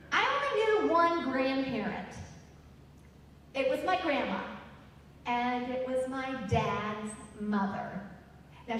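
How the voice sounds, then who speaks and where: A middle-aged woman telling a personal story on stage at a live event. She is chatty and laughs at her own jokes. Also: high-pitched. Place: large hall at a live event. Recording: echoey hall from far off, faint hum.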